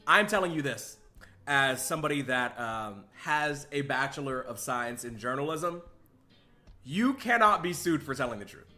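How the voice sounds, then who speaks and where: A man hosting a podcast, giving animated reaction commentary with many restarts and bursts of laughter. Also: mid-range voice, normal speed, soft background music. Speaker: podcast host.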